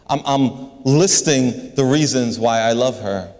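A pastor delivers an earnest sermon in a large building, often repeating words to press his point. His voice sits in the mid range with a darkish tone, and he speaks at a moderate pace with hardly any pauses. The recording carries the long reverb of a large hall.

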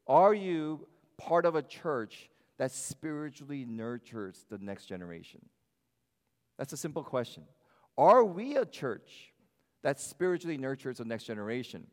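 A man's voice: medium pitch, normal speed. Man preaching in a reverberant hall. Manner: animated, varies loudness, acts out quoted voices. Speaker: pastor. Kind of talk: sermon. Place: church sanctuary.

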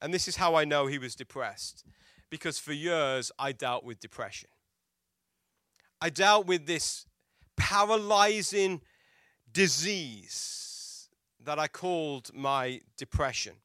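High, bright-voiced man preaching a sermon. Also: takes it slowly, pauses often, no room sound, studio quality. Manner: dramatic swings between loud and hushed delivery; storytelling with rhetorical questions to the congregation. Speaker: pastor.

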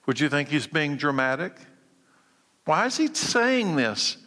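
A male pastor preaching with urgent emphasis, his fairly high, bright voice dropping low and quiet on key lines. The sound rings with the long reverb of a large church hall. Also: very animated, measured pace. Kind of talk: sermon.

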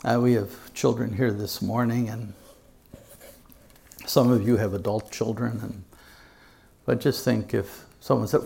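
A male pastor preaching a sermon in church to his congregation, earnest and emphatic, with dramatic pauses. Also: medium pitch, fairly even intonation, creaky, darkish tone, husky.

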